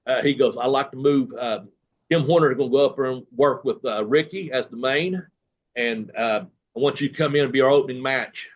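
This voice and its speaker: A man's voice: mid-range voice, brisk. Man telling wrestling stories, lo-fi sound. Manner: rambling anecdotes with quoted dialogue and fillers. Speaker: guest, retired professional wrestler. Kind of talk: casual storytelling interview.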